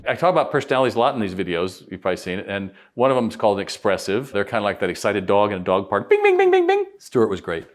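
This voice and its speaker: A man's voice: on the low side, racing, hardly any pauses. Man giving conversational retail sales training. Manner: conversational, acts out quoted dialogue in changed voices. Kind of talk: instructional video talk.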